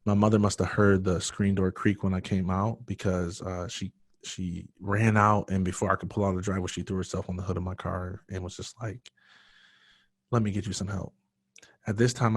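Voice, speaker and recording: A man with a very low voice tells his own story as a podcast guest, earnest and emotional. The sound is dry and close, with no room around it. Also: dry recording. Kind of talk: personal storytelling in a podcast interview.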